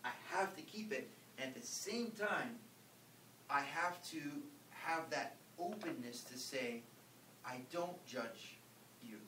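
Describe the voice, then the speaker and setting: A Catholic priest teaches ethics in an informal, conversational lecture, speaking emphatically and acting out examples. His voice is sharp with lively intonation at a measured pace, picked up by a distant mic in a roomy space with a faint rumble.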